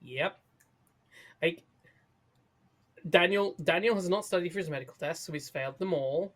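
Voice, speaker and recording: A man's voice: high-pitched, moderate pace, fairly bright tone. A man co-hosting a podcast, recapping sardonically in casual chat and swearing freely. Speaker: podcast co-host.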